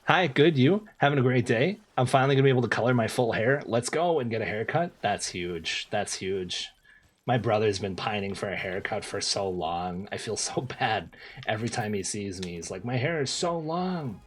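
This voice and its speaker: A young man streaming a game, chatting casually with viewers in relaxed slang, repeating phrases and laughing often. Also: lowish voice, moderate pace, breathy edge. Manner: laid-back slang, lots of laughing and repeating himself. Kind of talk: casual gameplay streaming, reading chat.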